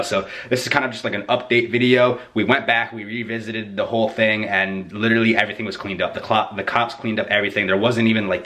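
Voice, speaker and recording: A young man chatting casually to camera at home, rambling and excitable, swearing freely. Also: on the low side. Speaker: YouTuber. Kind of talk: casual vlog chat to camera. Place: indoors at home, bedroom.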